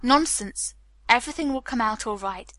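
A woman's voice: on the high side, moderate pace, fairly bright tone, no echo, natural voice. A woman reading an audiobook, voicing a courteous, reassuring young man. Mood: calm.

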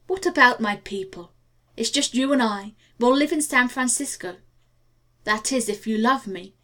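A woman's voice: fairly high pitch, expressive, moderate pace, bright, forceful tone. A woman reading the part of an eager young man in love, speaking earnestly and with urgency. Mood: urgent.

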